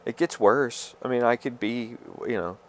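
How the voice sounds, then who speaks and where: His voice is medium-pitched, and a faint hiss or hum runs underneath. He talks directly to his audience in a meandering personal monologue, stammering and pausing as he searches for what to say.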